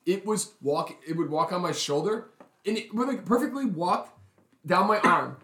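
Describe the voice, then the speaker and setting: A man in casual chat among friends, telling animated stories and laughing often. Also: high-pitched, normal speed. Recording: roomy echo.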